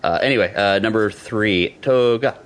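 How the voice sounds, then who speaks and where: Deep-voiced guy on a podcast, joking around, chanting movie lines. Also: fairly quick, a bit bright, slight background noise. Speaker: podcast co-host. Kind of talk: casual chat.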